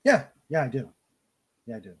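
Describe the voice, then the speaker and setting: A man's voice: medium pitch, sing-song, normal speed, breathy edge. A man hosting a casual chat, agreeing often and urging his guest along. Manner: agreeable, lots of back-channel replies.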